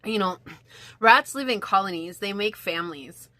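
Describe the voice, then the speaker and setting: Bright, chatty woman reading tarot. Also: medium pitch, moderate pace, no echo. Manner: chatty, rambling, heavy use of "like". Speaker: tarot reader. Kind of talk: casual pick-a-card tarot reading.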